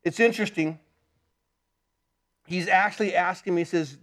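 A man preaching an earnest sermon, repeating words and swinging between intense and hushed delivery. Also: a little high, expressive, brisk, pauses often. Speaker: pastor.

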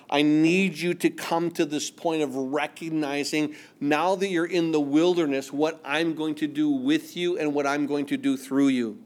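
A man preaching a sermon, reading scripture aloud and acting out the voices, asking the congregation if they understand, and dropping almost to a hush for the quiet passages. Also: a little high. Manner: dramatic, drops to near-whisper for quiet passages; acts out biblical voices, asks listeners "do you understand?".

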